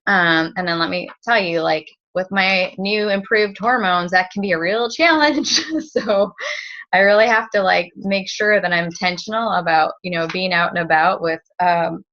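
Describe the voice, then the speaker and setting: A woman's voice: lowish voice, normal speed, fairly bright tone. A woman in her thirties giving a casual training talk as a direct-sales team leader, rambling with lots of fillers and restarts. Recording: dull lo-fi recording.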